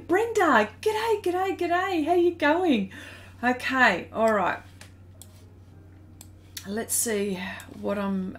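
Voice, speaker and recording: Woman, Australian accent, middle-aged, high voice, chatty, laughs often, live stream host. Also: slight background noise. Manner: chatty, greets viewers by name, laughs often. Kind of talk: casual live stream chat.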